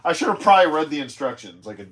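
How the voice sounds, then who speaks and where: A man's voice: fairly high pitch, sing-song, very fast, a bit bright, slight background noise. Man, tired and yawning, rambling casual unboxing talk, faint packaging crinkles behind. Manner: rambling, self-deprecating, chatty asides. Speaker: toy collector unboxing live. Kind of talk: casual live unboxing chat.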